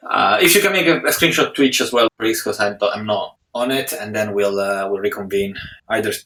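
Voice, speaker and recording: A man in an echoey room, heard from a bit away from his mic. He plays a tabletop game, speaking earnestly and haltingly, often repeating words. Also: lowish voice, bright, forceful tone. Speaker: player. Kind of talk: casual tabletop game talk. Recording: echoey room audio from far off.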